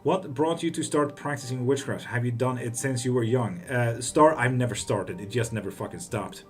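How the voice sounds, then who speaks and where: Male tarot streamer, easygoing, salty language, mid-pitched, faint music underneath. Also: normal speed. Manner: relaxed, swears freely, greets and answers chat. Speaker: tarot reader and livestream host. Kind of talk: casual live-stream chat.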